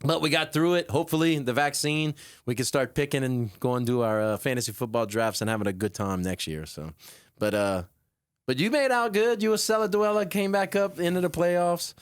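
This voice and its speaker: Brisk and on the higher side, a male podcast host and DJ tells stories in casual chat, vividly performing his friends' voices. His tone is clean, with no room sound and studio-quality audio.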